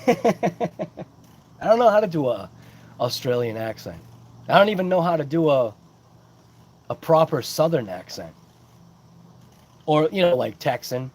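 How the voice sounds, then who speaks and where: A man's voice: a little high, big pitch swings, a little slow, long pauses, a little mellow. A man hosting a casual livestream who rambles along and greets chat viewers by name. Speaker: host of a hobby livestream. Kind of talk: casual live-chat unboxing.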